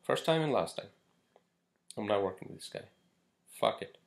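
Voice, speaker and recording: Podcast host, male, low gravelly voice, blunt and profane, rambling delivery. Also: animated, normal speed. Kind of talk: casual solo podcast rant.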